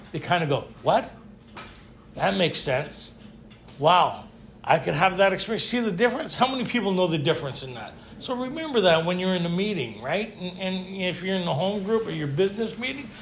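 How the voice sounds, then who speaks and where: A man's voice: high voice, slight background noise. A man speaking to a retreat group, telling blunt, joking stories and peppering them with rhetorical questions. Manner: lively storytelling, frequent rhetorical "right?"; blunt, joking tough-guy humor. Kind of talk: recovery talk to a live group. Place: retreat meeting room.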